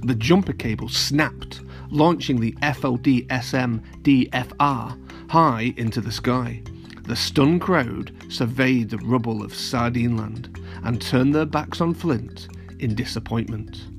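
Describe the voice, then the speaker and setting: A man narrating a children's storybook in an even, plain reading voice of middle pitch. Soft music plays faintly beneath him. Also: measured pace. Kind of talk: storybook read-aloud.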